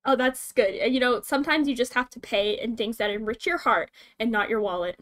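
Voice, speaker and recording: A woman streamer chats casually with a guest and keeps breaking into giggles. She rambles, restarts her sentences and jumps between thoughts. Her voice sits a little higher than most women's. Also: a little fast, fairly bright tone. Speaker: streamer host. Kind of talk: casual chat.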